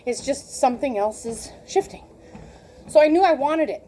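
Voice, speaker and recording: A woman in her late forties telling a personal story in a casual, animated way, laughing often and acting out the conversations she recounts. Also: sits high, normal speed, slight background noise. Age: 40s. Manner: animated, laughs often, acts out quoted exchanges. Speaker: vlogger.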